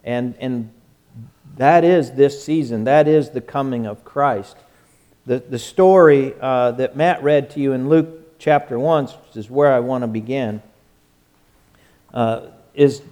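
A man's voice: mid-range voice, slow pace, dark tone. A male pastor giving a folksy, conversational sermon, joking and often restarting his sentences.

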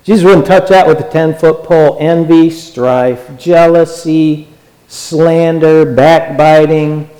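A man's voice: fairly high pitch, steady tone, slow pace, dark tone. A man preaching a sermon, earnest and exhortative, and often repeating his phrases. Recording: long hall reverb.

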